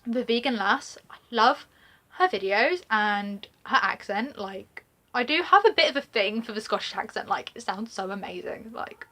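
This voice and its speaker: A woman's voice: medium pitch, lively intonation, moderate pace, pushed and bright. A young woman with a regional British accent chatting to camera in a casual get-to-know-me vlog, rambling with many fillers and laughs. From Britain. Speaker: vlogger.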